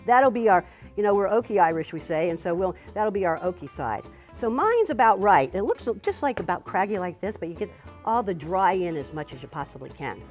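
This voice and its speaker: A woman's voice: on the low side, sing-song, fairly quick, darkish tone, faint music behind. A woman hosting a cooking demonstration, chatting to a student and using "wee" and "you know" as she goes. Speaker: cooking teacher and show host.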